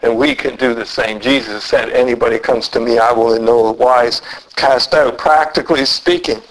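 A man preaching a sermon earnestly, often slowing down and climbing to emphatic peaks. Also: poor audio. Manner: lively pitch, slows down for emphasis.

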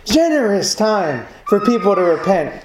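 A man's voice: high-pitched, sing-song, moderate pace. Man preaching in an echoey room. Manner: earnest, building emphasis with repetition. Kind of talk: sermon. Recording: echoey room, faint background noise.

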